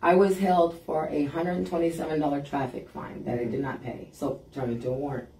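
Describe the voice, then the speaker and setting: A woman guest on a podcast telling a story in a blunt, animated way and acting out what people said. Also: sits low, fairly quick, slight background noise. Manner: blunt, animated, acts out quoted lines. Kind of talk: casual storytelling. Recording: roomy sound, mic at a distance.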